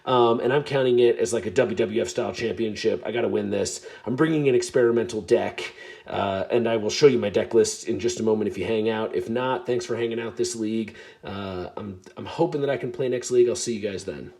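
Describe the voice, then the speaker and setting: A man casually chatting to his viewers while opening trading card packs, chatty and self-deprecating, with bursts of excitement. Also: on the low side, fairly quick. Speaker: card pack opening vlogger. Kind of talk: casual pack-opening commentary.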